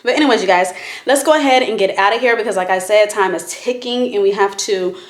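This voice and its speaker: A woman in her thirties chatting casually to viewers in a vlog, animated and slangy with frequent asides. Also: medium pitch, quick pace. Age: 30s. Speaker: vlogger. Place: in a car and at home.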